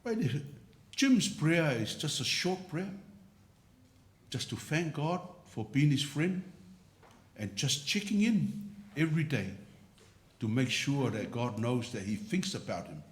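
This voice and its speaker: Samoan-accented pastor preaching in church. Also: male voice, medium pitch, very animated, unhurried, pauses often. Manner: storytelling, switching between Samoan and English. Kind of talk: sermon. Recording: roomy church reverb.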